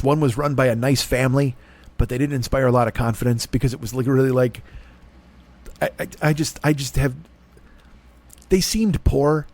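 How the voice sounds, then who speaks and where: A man's voice: medium pitch, a little mellow. Profane, rambling man telling a comic story. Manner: profane, self-deprecating, jumps into voices of others in his stories. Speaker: comedy podcast host.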